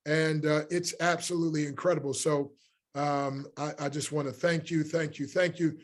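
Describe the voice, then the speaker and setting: A man hosting a live online call, welcoming a long list of attendees by name with excited, effusive energy before introducing the next speaker. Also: fairly high pitch, moderate pace. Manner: enthusiastic, effusive greeting of many names. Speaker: host.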